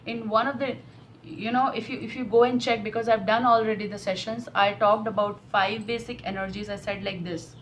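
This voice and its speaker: A woman's voice: mid-range voice, fairly even intonation, fairly quick, a little hiss or hum, poor audio. A woman giving an emotional, repetitive tarot reading to camera. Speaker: tarot reader.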